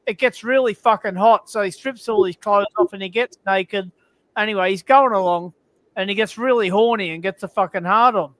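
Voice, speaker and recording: A man's voice: high voice, fairly bright tone, dry recording, rough recording. A man guest on a live stream, casually telling long, rambling crude jokes.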